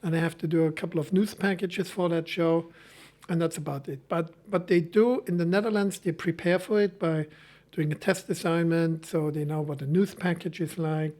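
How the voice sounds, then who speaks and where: A man's voice: fairly high pitch, darkish tone. A man from Germany with a German accent, a film school lecturer talking in a podcast interview with many hesitant restarts.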